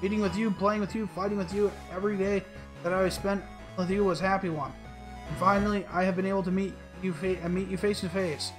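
A man voicing a gentle digital companion. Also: high-pitched, fairly even intonation, a little fast, close to an everyday voice. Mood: tender. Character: calm loyal male digital companion. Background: game music.

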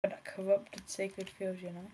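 A woman's voice: medium pitch, completely flat delivery, measured pace, very noisy. A British woman streamer chatting casually while playing, playful and full of swearing and slang. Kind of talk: casual gaming chat. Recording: game music playing behind.

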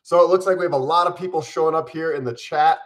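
A man's voice: on the high side, fast talker. A man in his forties hosting a casual live stream from home, chatting upbeat and eating on camera while mildly ill.

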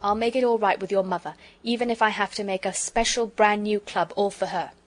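A brisk, jovial country doctor from a children's storybook, teasing and kind, as a woman reads him. The delivery stays in a middling register. It is a plain reading voice rather than a big character turn. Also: medium pitch, steady tone, natural voice. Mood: cheerful. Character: cheerful kindly country doctor, a man.

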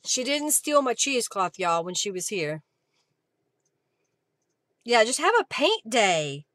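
A woman with a bright, clear voice leads a live craft session. She muses aloud about each step and keeps up easy chatter with her viewers. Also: a little high, big pitch swings, slow. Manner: chatty, thinking aloud while working, thanking viewers. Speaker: craft journaling host. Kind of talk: live-stream crafting demo.

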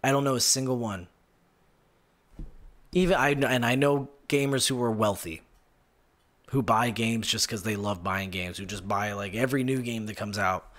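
A man's voice: lowish voice, fairly even intonation, moderate pace, long pauses, a bit bright. A male gaming show host ranting live, sarcastic and incredulous, rambling through restarts and reading viewer comments aloud. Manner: rambling with many restarts and fillers. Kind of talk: live-streamed gaming rant.

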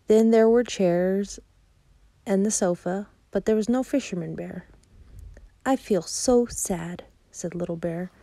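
A woman reading a children's picture book aloud in a calm, measured storytelling manner. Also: on the low side, vocal fry, dry recording. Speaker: storybook reader.

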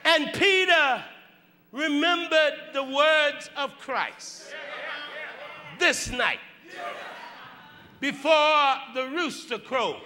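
A man, a bishop, preaching a sermon in a church with slow, rhythmic delivery, shouting and half-singing his phrases. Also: extremely high pitch, animated, big-room sound, some chatter behind, a little hiss or hum. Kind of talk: whooping Black church sermon. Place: church sanctuary.

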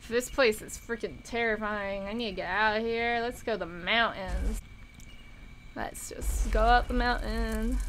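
A woman giving casual gameplay commentary, excitable, shrieking and swearing at the game. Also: on the high side, a little slow, a little hiss or hum, poor audio. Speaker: gaming YouTuber.

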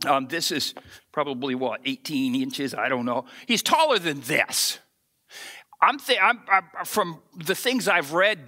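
Male pastor, sermon, animated storyteller, high, bright voice. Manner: animated storytelling, acts out the scripture.

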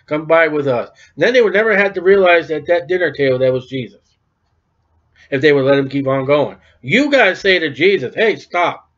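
A man's voice: a little high, lively intonation, a little fast, a bit bright, muffled recording. A man preaching an informal sermon in a conversational way, acting out bits of dialogue as he goes. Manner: conversational, acts out dialogue in quoted voices.

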